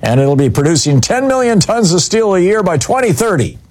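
A middle-aged male radio host talking casually to his listeners. He wanders through his stories with fillers and self-corrections, in a relaxed, chatty way. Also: sits high, a little fast, slight background noise. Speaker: radio talk show host. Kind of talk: casual call-in radio talk and storytelling.

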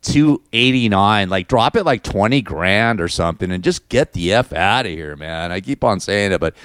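A man's voice: on the low side, animated, normal speed, fairly bright tone, clear, resonant tone, no echo, clean studio sound. A middle-aged man hosting his own show, venting in a rambling, crude, casual monologue full of restarts and "man". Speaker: podcast host.

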